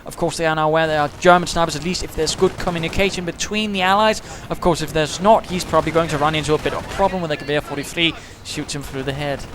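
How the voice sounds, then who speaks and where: A man giving quick, chatty play-by-play commentary on a strategy game, with dry humour and British turns of phrase. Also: a little high, fairly even intonation, noisy background.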